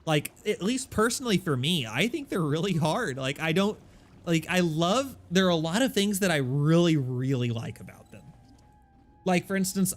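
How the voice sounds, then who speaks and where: A man streaming a game from his apartment, chatting casually into a desk mic, self-deprecating and full of quick asides. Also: fairly high pitch. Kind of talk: casual live-stream chat. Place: home apartment. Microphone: desk microphone.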